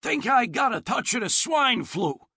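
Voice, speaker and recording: A man's voice: very high voice, big pitch swings, unhurried, sharp tone, breathy edge, dry recording, clean studio sound, pitched above the performer's own voice, exaggerated voice. A man voicing a sassy, scheming male guinea pig with a wisecracking manner, in a storybook reading. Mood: teasing.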